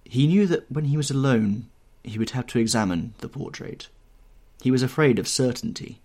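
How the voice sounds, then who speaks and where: A man reading a classic novel aloud as an audiobook narrator, in an expressive, measured storytelling manner. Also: medium pitch. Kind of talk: scripted narration.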